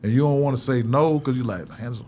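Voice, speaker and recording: A middle-aged man, an interview guest telling candid stories, often laughing and acting out quotes in a higher voice. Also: fast talker, a little mellow, slight background noise. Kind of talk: candid conversational storytelling.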